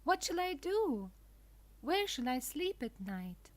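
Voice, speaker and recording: A woman's voice: sits high, sing-song, slow, exaggerated voice. A woman voicing a tearful, eager wooden puppet boy in a children's storybook, with pleading, rising cries.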